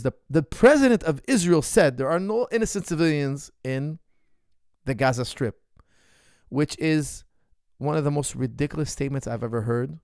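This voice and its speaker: A man's voice: fairly high pitch, lively intonation, moderate pace, darkish tone, clean tone. A man speaks with heated, emphatic conviction, often repeating a phrase to drive it home. His voice sits a little above the usual male range. The recording is dry and close, with no room echo. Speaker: martial arts coach answering viewer questions. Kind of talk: impassioned unscripted monologue.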